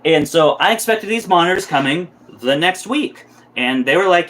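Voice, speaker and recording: A man's voice: fairly high pitch, expressive, moderate pace, a bit bright. A young man live-streaming as a reptile keeper, ranting in a heated, profane way with many restarts. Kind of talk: casual live-stream rant.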